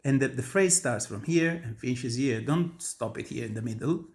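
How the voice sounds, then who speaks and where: A man's voice: medium pitch, expressive, normal speed. A man from Italy, a native Italian speaker with an Italian accent, explaining an opera aria to students in an earnest, emphatic way, often restarting his sentences. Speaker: opera tenor and voice teacher. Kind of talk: instructional talk on singing.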